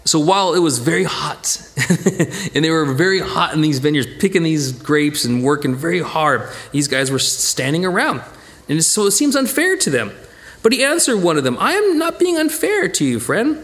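A man's voice: a little high, expressive, normal speed, fairly bright tone. A man teaching a Bible study from slides, retelling a parable and acting out its characters in quoted voices.

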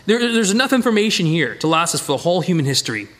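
Middle-aged male Bible teacher, high lively voice, animated, backtracks and self-corrects. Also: racing. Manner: animated, repeats phrases, self-corrects mid-sentence. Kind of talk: Bible study lesson with slides.

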